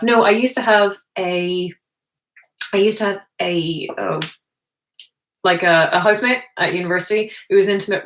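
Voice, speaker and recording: A woman hosting a casual livestream, reading viewer messages aloud and answering them with self-deprecating humor. Her voice sits slightly low for a woman. It bounces around a roomy space. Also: fairly bright tone. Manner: chatty and self-deprecating, reads chat messages aloud, laughs often. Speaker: livestream host answering chat. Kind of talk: casual chat. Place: indoor room, sitting on the floor. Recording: roomy echo.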